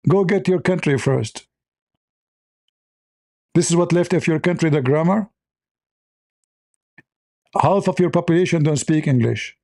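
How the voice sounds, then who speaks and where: Male show host, blunt and mocking, talks in broken English; somewhat high but dark-toned voice. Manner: sarcastic, blunt, broken grammar. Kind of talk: mocking live commentary.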